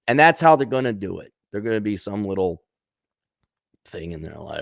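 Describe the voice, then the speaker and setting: A man's voice: fairly low pitch, very animated, normal speed, vocal fry, long pauses, no room sound, clean studio sound. A man giving ranting commentary in a blunt, sarcastic, mocking manner.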